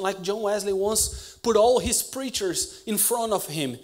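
Fervent high-voiced preacher man. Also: a little slow. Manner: swings from shouting passion to hushed near-whisper. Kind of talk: sermon.

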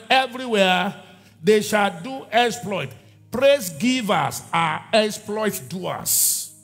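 A man's voice: very high voice, a bit bright. A man preaching a sermon as pastor of a church, emphatic and repeating his key phrases.

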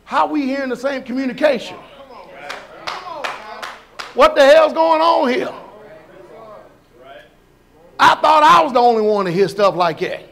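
High-voiced preacher man. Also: measured pace, gravelly, pauses often. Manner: folksy, animated, shouts and laughs; questions the congregation. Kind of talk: sermon.

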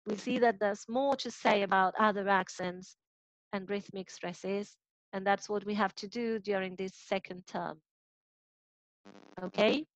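A woman's voice: mid-range voice, fairly even intonation, unhurried, no echo, rough recording. A woman with an Argentine Spanish accent, a native Spanish speaker, giving a patient online phonetics lecture and often checking in with her students. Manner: patient, explanatory, checks understanding with "right?".

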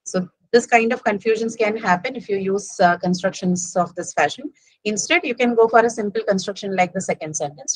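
A woman's voice: medium pitch, a little fast, no echo, poor audio. A woman with an Indian English accent lectures on English writing in an online class. She explains patiently and keeps checking that her students follow. Her voice is close and dry, with no room around it. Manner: explains patiently, with frequent "right?" and "okay?" checks.

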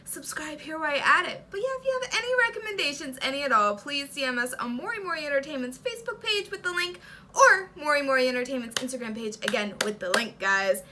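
A woman's voice: sits high, fast, noisy background. Gushing young woman unboxing merch. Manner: gasping, squealing with excitement, breathy asides. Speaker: reaction video host. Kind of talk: excited unboxing chat.

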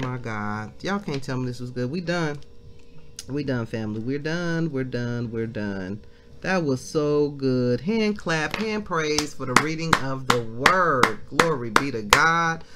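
A woman leading a devotional Bible reading. She comments excitedly as she reads and calls her listeners family. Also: a bass voice. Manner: exclaiming, addresses listeners as family. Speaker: devotional leader.

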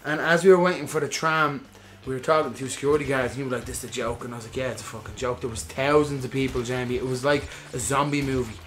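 Speaking quickly with few pauses in a mid-range voice, this Irish gaming podcast co-host chats casually during gameplay. He curses freely and tells lively stories, performing each quote.

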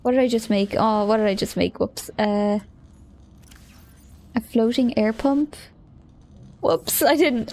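A fairly high-voiced woman streaming a game, talking herself through each step. She giggles a lot and gets startled easily, with a casual, chatty delivery. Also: steady tone, a little slow, long pauses, dark tone.

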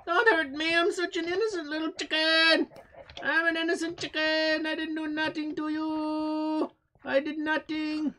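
A man voicing a silly, cheeky male chicken in a video game, clucking in a high squawk. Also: flat delivery, a little slow, bright, forceful tone, full character voice. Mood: pleading. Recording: noisy game capture.

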